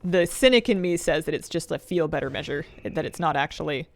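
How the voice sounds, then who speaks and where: A woman's voice: low-pitched, animated, brisk. A woman streamer chatting casually while playing, thinking aloud and laughing often. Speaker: game streamer. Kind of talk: casual gameplay commentary.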